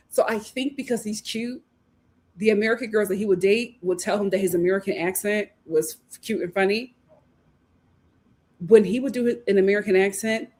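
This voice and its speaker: A woman hosting a casual livestream, reading viewer comments aloud, animated and laughing often as she talks. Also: mid-range voice. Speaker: host of a reality TV review livestream.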